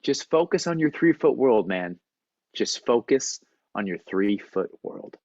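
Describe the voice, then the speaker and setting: A man's voice: medium pitch, very animated, unhurried, a little mellow, no room sound, lo-fi sound, pitched below the performer's own voice. A man voicing a loose, easygoing male rock-climbing instructor who talks in nonchalant slang. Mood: calm.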